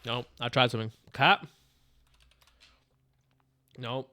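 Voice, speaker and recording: A young man streaming a game live, swearing freely and calling his chat "bro" while he guesses out loud. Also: medium pitch, slow, clear, resonant tone. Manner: profane, excitable, calls the chat bro.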